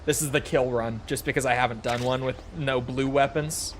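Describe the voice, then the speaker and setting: A man's voice: mid-range voice, steady tone, normal speed, slight background noise. A man giving casual gameplay commentary, chatty and joking as he thinks aloud. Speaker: gaming video creator.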